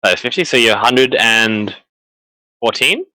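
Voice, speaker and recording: A man running a tabletop horror game live, chatty and animated, with many fillers and restarts. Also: medium pitch, unhurried, dry recording, low-quality recording. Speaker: game master.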